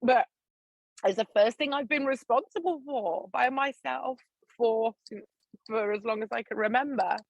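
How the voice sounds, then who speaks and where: A woman in middle age, a podcast guest, telling her story in animated, candid chat with frequent laughter and swearing. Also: on the high side, unhurried, gravelly, no room sound, rough recording. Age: 40s. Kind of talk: casual interview chat.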